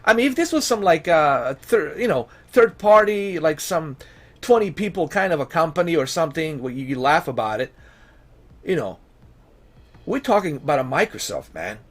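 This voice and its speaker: A male gaming vlogger on a heated rant, his somewhat high voice swinging widely up and down. He sounds exasperated and pleading, swearing freely and hammering rhetorical questions. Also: sing-song, moderate pace. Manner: pleading and emphatic. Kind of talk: ranting vlog commentary.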